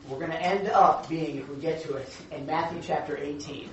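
A man preaching a sermon to a congregation, his voice hoarse and raspy, talking in an earnest, conversational way with many fillers. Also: a little high, fairly quick, a little hiss or hum. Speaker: pastor. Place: church hall. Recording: echoey hall from a distant mic, dull.

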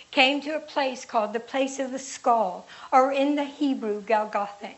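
A woman reading scripture aloud in a slow, measured, deliberate way. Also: a little high, rough recording. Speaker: reader.

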